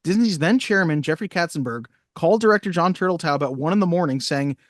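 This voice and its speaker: Fast-talking man reading movie trivia. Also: on the high side, animated, no echo, clean studio sound. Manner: reads trivia facts briskly. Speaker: podcast co-host. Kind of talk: casual movie podcast chat.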